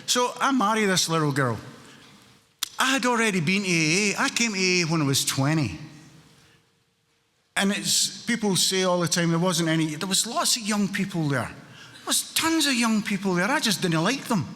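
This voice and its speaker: A man's voice: sits high, expressive, normal speed, sharp tone, long reverb tail. A Scottish man in his sixties telling funny, self-mocking stories at a recovery meeting, laughing often. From Scotland. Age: 60s. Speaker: AA meeting speaker. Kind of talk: storytelling talk.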